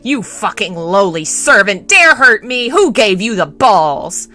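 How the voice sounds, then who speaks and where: A woman voicing a spoiled, foul-mouthed young nobleman during a live book reading, talking loudly and brattily. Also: extremely high pitch, very animated, takes it slowly, faint music behind, voice pushed up, heavily acted. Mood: furious.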